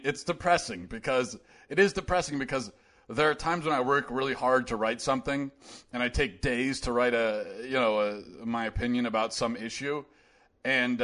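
A man's voice: medium pitch, fairly bright tone. A man hosting a solo commentary show, talking in a rambling, conversational way with many restarts.

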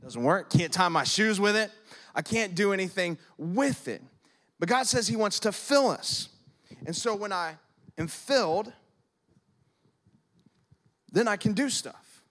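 A man in his thirties or forties, a pastor preaching a sermon in a lively, conversational way, using props and acting out prayers. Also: high voice, unhurried, long pauses, a little hiss or hum. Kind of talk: sermon with object lessons. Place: church service.

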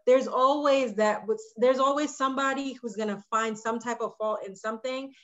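A woman who runs a short-term rental, telling a story in a casual podcast chat and getting animated when she quotes people. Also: a little high, normal speed, muffled recording.

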